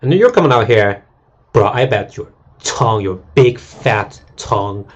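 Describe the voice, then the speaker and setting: Husky-voiced man ranting to chat. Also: on the low side, big pitch swings, moderate pace, highs cut off. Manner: crude, rambling, mocking. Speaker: game streamer. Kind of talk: casual rant to stream chat.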